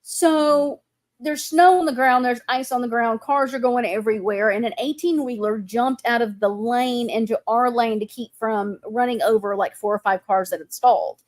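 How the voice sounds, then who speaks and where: A woman's voice: a little high, moderate pace. A woman host, telling stories in a casual chat. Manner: animated storytelling.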